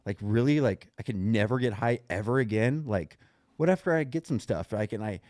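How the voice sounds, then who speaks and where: A man's voice: fairly low pitch, brisk, a little mellow, no room sound, clean studio sound. A middle-aged man telling his recovery story in casual, rambling talk, full of "like" and "right?". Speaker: podcast guest sharing recovery story.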